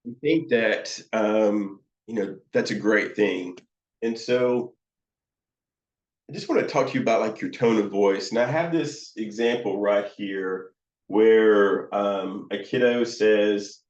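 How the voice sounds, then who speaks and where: A man gives a slow, unhurried lesson on counseling, often pausing and restarting his sentences. His voice sits a little low, and the room around him rings with echo. The sound is a bit dull and lo-fi. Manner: slow, halting, many fillers and restarts. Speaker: counseling supervisor. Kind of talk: teaching lecture with demonstrations.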